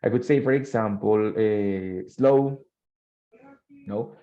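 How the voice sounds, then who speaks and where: A man's voice: on the low side, slow, mellow, highs cut off. A male English teacher, giving a bilingual classroom lesson and quizzing his students. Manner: switches between English and Spanish, quizzes students.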